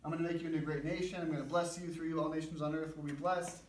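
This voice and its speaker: A man's voice: on the high side, level tone, very fast, natural voice. A man doing a casual, reassuring God. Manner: casual, offhand. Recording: roomy, distant mic.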